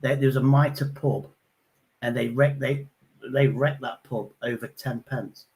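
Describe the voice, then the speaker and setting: A man hosting a casual chat, telling rough pub stories bluntly and acting out the voices of the people in them. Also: mid-range voice, steady tone, a little slow, a little mellow. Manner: blunt, sweary, acts out quoted voices.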